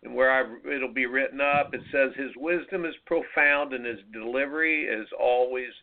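A male radio host interviewing a guest in an earnest, measured way, asking his questions slowly. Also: medium pitch, fairly even intonation. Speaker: radio show host and tennis coach. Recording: phone-like narrow sound.

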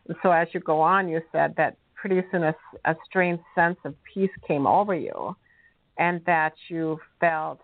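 A show host calmly interviewing a guest over a phone line, asking measured questions. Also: mid-range voice, dry recording.

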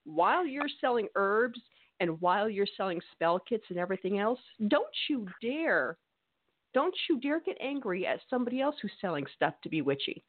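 A woman's voice: mid-range voice, very animated, brisk. A woman co-hosting a podcast, talking in an emphatic, scolding, opinionated way in casual chat. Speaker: podcast co-host. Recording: tinny phone-like audio.

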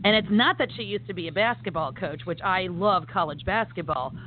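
Her voice is fairly low and a little fast as she co-hosts a relaxed podcast conversation. She sounds eager and emphatic, leaning on lots of filler words, and the recording has a phone-like quality with faint noise.

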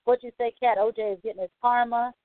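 A woman's voice: a little high, steady tone, fast, no room sound. A woman hosting a call-in talk show, ranting casually with exasperated, profane repetition and reading listener comments aloud. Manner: exasperated, profane, repeats herself. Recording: tinny phone line, dry.

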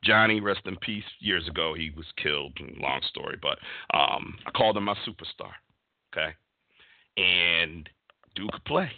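A man hosts a casual sports chat, his pitch leaping around as he tells stories with many restarts. The sound is dry and thin, like a phone call. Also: normal speed, no room sound. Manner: animated storytelling, many restarts. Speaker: podcast host.

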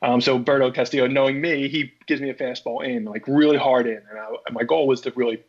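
A man from Philadelphia, a former baseball pitcher, telling a story in a casual chat and acting out his own reactions. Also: steady tone, fast. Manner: acts out his own past reactions, many restarts. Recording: dull lo-fi podcast audio.

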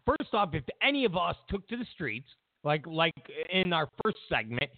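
A man hosting a political commentary show, ranting loudly and mockingly, slipping into put-on voices for the people he quotes. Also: on the high side, big pitch swings, moderate pace, no echo, narrow, tinny audio.

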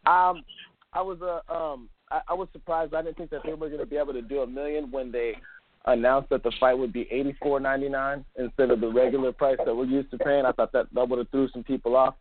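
A man's voice: mid-range voice, fairly even intonation, quick pace, dry recording. A man hosting a casual sports podcast, rambling and loose, with some swearing. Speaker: podcast host. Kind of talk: casual chat. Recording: dry, phone-like line.

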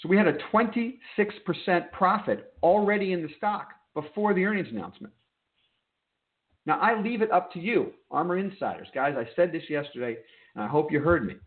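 A man with a slightly high voice hosts a trading lesson. He talks emphatically and often stops to check in with his listeners. The audio is narrow and thin, like a phone line. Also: expressive, a little fast. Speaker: trading desk host. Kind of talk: market commentary lesson.

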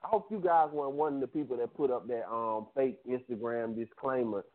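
A man's voice: mid-range voice, brisk. A man calling in to a show, chatting in a laid-back, slangy way with restarts. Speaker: caller. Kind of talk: casual call-in chat. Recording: phone call line.

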